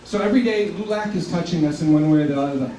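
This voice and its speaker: An older man in his seventies from South Texas gives an earnest, passionate speech in a fairly high voice. He sounds set back from the mic in an echoey hall, with faint room noise behind him. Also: fast talker, warm tone, far from the mic. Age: 70s. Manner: earnest and passionate, at times choked up with emotion. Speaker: community organization leader giving a speech. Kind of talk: public speech.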